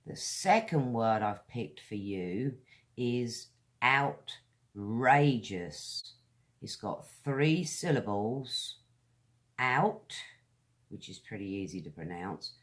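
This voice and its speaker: Slow-speaking British woman teacher. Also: very deep voice, big pitch swings. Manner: slow, deliberate, drawn-out words; friendly direct address to viewers. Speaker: English teacher. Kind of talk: pronunciation lesson.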